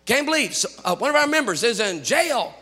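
Male pastor, sermon delivery, bright tense tone, long church-hall reverb. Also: very high-pitched, brisk, breathy edge. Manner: animated storytelling preacher, rising to shouts.

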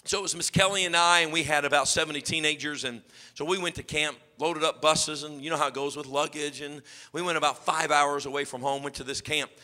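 A man, a youth pastor telling a comic story in an animated sermon style. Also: a little high, a little fast, few pauses. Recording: long hall reverb.

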